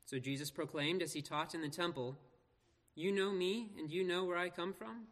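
A man pastor reading scripture aloud and preaching in an earnest, measured way with slow emphatic pauses. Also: high voice, fairly even intonation, a bit bright. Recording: long reverb of a large hall.

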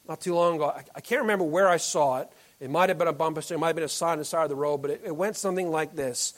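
A male pastor giving an earnest sermon to a congregation, often dropping to soft, low tones on key phrases.

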